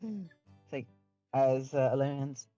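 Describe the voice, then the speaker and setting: A game master narrating a tabletop game in a halting way, often stopping to restart. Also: mid-range voice, dark tone, no room sound, lo-fi sound, soft background music.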